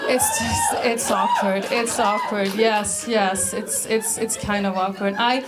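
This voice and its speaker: A woman's voice: medium pitch, big pitch swings, slow pace, over loud music, a loud crowd. A woman in her thirties from Iceland with an Icelandic accent, performing a stand-up comedy set in a dry, self-mocking way. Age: 30s.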